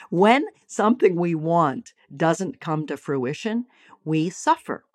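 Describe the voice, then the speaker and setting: A woman speaking as a psychologist and teacher, giving an expressive motivational talk on acceptance. She calls her listeners sweethearts and darlings and slows down to stretch key phrases. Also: fairly low pitch, no room sound, clean studio sound.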